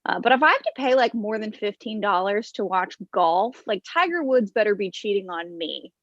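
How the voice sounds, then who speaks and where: A woman's voice: mid-range voice, expressive, moderate pace, no echo, muffled recording. A young woman doing a stand-up comedy set over an online stream, wry and self-deprecating, chatty with lots of fillers.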